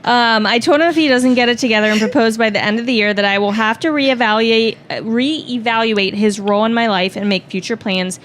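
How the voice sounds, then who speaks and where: A woman reads a story aloud on a podcast at a steady, even pace, breaking in now and then with short asides. Her voice sits a little high, with a faint hiss of noise underneath. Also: a little fast, few pauses. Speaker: podcast co-host reading a story.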